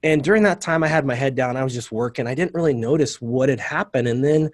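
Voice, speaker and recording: A man speaks as a guest on a video-call interview, his voice at an ordinary middle pitch. He tells his story in an earnest, open way. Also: fast. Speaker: guest, company cofounder. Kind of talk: casual interview chat.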